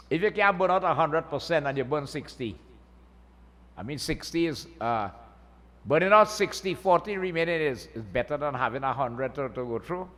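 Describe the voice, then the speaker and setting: A pundit's voice, a little high and fairly bright, leads a folksy Hindu sermon. He keeps asking the crowd "eh?" as he goes. The sound carries the long reverb of the Hindu temple hall.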